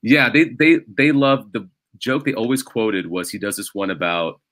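A man in casual podcast conversation spins lively, self-mocking stories about his stand-up gigs. His voice sits a little low but sounds bright and forward. It is recorded dry and close, with no room sound around it. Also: normal speed, dry recording, low-quality recording. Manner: animated storytelling with self-deprecating jokes. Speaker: comedian guest.

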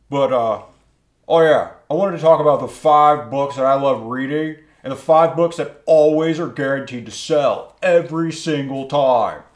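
A man hosting a comic shop vlog, rambling and gushing and saying "oh yeah" over and over. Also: medium pitch. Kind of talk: comedic vlog. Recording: roomy echo.

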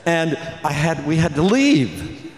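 An older man telling stories on a convention panel, restarting often and filling pauses. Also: on the high side, big pitch swings. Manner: storytelling with many restarts and fillers. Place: large convention hall. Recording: echoey hall with long reverb.

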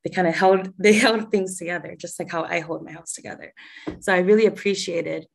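A woman's voice: lowish voice, fairly even intonation, brisk, creaky. A young woman voice actor chatting casually on a video call, talkative and laughing often as she tells a story. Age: young adult.

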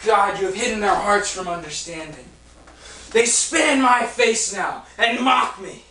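A man's voice: high-pitched, lively intonation, measured pace, sharp tone, slight background noise, full character voice. A man playing Job, a suffering man in agony who groans and cries out in a stage play, recorded in an echoey room from far off. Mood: pleading. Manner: anguished, crying out and groaning.

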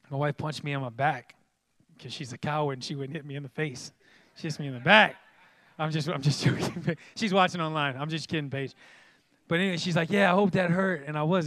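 A man preaching a sermon in church in a lively, joking way, with sudden loud exclamations. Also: on the high side, fairly quick, dry recording, studio quality. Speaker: pastor.

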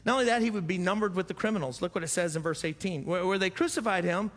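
A man's voice: high-pitched, fast talker, a bit bright. A man preaching a sermon as pastor, earnest and repeating phrases for emphasis. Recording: echoey church hall.

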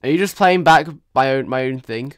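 A man's voice: mid-range voice, fairly quick, clear, resonant tone, no room sound, clean studio sound. A young man chatting jokily to his viewers while commentating a live game stream. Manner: chatty, jokey, talks to viewers.

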